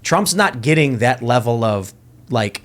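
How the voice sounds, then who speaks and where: A man's voice: mid-range voice, lively intonation, a little slow, fairly bright tone. Man rambling through a story. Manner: rambling retelling with restarts. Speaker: podcast host. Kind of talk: casual panel chat.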